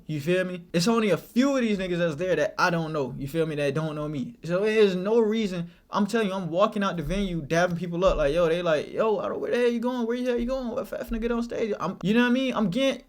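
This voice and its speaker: A young man vlogger telling a casual story, animated and slang-heavy, often repeating his phrases. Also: high-pitched.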